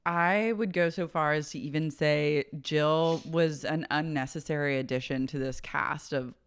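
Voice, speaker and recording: Podcast co-host, woman, lowish voice, quick wry gossip with acted-out quotes. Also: steady tone, clean tone. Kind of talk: casual chat recapping reality TV.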